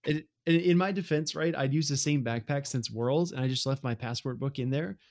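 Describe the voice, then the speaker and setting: A man's voice: medium pitch, fairly quick, a little mellow. Easygoing man telling a sheepish story. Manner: sheepish, self-deprecating storytelling. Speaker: podcast co-host. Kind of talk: casual chat.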